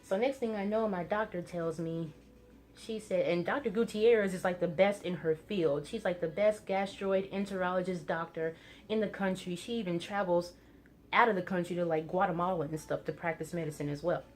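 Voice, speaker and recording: A young woman casually telling a personal story to camera, with many fillers and quick excited bursts. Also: fairly low pitch. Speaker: vlogger.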